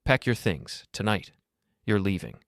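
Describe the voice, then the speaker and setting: A man's voice: lowish voice, sing-song, measured pace, no room sound, clean studio sound. A man voicing a furious, betrayed middle-aged father who makes cold, cutting accusations.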